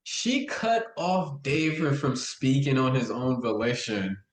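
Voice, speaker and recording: A guest host chatting casually about a soap opera, relaxed and a bit hesitant. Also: mid-range voice, slow, reverberant. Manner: relaxed, hesitant, trails off with fillers. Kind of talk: casual chat.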